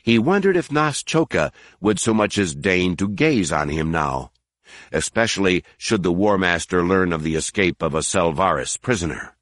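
Deep-voiced male audiobook narrator. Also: animated, moderate pace, a bit bright, dry recording, clean studio sound. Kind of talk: scripted narration.

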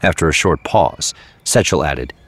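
A man narrating an audiobook in a measured, even storytelling manner. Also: extremely low pitch.

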